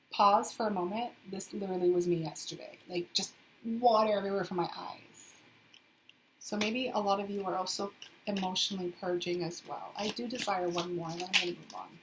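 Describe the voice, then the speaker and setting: A woman's voice: medium pitch, slight background noise, poor audio. A young woman giving a casual tarot reading to her viewers, chatty and sassy, with playful asides. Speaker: tarot reader. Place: indoors in a hot, humid city flat.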